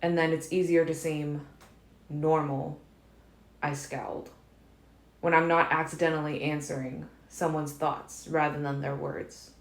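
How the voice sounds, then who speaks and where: A woman narrating a fan-made audiobook in a calm, measured first-person reading. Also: low voice. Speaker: audiobook reader. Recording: roomy echo, faint noise.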